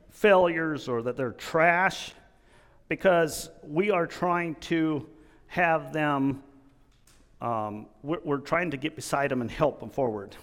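A man preaching a sermon in an earnest, halting way, restarting his sentences often. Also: on the high side, in a large hall.

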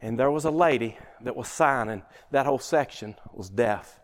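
A man's voice: mid-range voice, moderate pace. A middle-aged man giving a workplace talk on communication. He tells folksy stories and asks the audience questions. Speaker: workshop speaker. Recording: hall with long reverb.

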